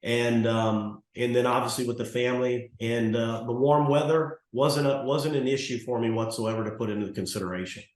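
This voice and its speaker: A man's voice: mid-range voice, fairly even intonation, moderate pace, hardly any pauses. A man in his sixties talks through a long story in a casual interview, wandering and restarting as he goes. He acts out both sides of past conversations, and a roomy echo hangs around his voice. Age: 60s. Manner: rambling, restarts often, acts out dialogue. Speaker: martial arts school owner, guest.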